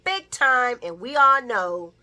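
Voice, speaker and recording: Bright-voiced, sassy woman recapping a soap. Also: fairly high pitch, animated, slow pace. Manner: chatty and sassy, breaks into laughter; talks back to the characters with slangy asides. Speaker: soap opera recap vlogger. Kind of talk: casual spoken recap.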